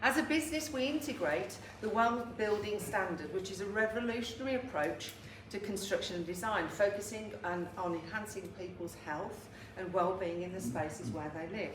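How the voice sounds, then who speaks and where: A woman giving a male architect's business pitch in her own voice, steady and earnest, recorded far off in a roomy room. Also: moderate pace, hardly any pauses, natural voice. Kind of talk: mimicking a colleague's pitch. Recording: far, roomy, background noise.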